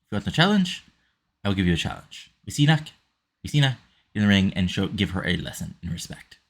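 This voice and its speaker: A man's voice: deep voice, very animated, fast talker, vocal fry, heavily acted. A man voicing a dismissive female champion. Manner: dismissive, commanding.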